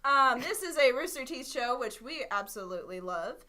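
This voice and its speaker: A woman's voice: high-pitched, expressive, moderate pace, bright, forceful tone. A woman co-hosting a podcast in a casual, giggly, chatty way. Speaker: podcast co-host. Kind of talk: casual chat.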